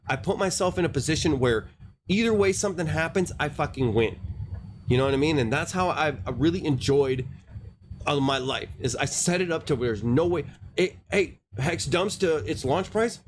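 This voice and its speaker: Rambling, profane livestream host, noisy room. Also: male voice, fairly high pitch. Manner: rambling, profane, restarts often, addresses viewers as dude and bro. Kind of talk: casual livestream rant.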